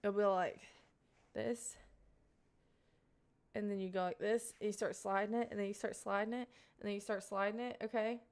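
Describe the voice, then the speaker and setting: A woman's voice: medium pitch, steady tone, normal speed, long pauses, a little mellow, smooth. A young woman live-streaming, chatting casually and playfully with her viewers and answering their questions. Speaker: livestreamer.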